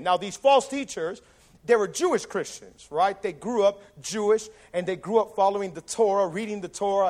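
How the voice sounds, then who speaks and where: Man, pastor, high voice, casual animated sermon, acts out quotes.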